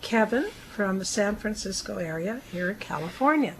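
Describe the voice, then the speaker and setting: A woman's voice: mid-range voice, animated, normal speed, few pauses, slight background noise, low-quality recording. A woman co-hosting a health talk radio show, chatty as she reads listener stories and emails. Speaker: radio co-host.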